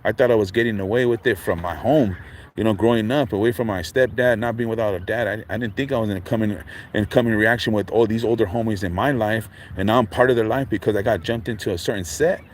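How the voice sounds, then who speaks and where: A middle-aged man, rambling to his livestream viewers in a relaxed stream of street slang. His voice sits low, with lots of man, dog and you know. A faint hiss of noise runs under the recording. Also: fast. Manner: laid-back street slang, constant fillers like man and dog. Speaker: livestream host. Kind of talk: casual livestream monologue.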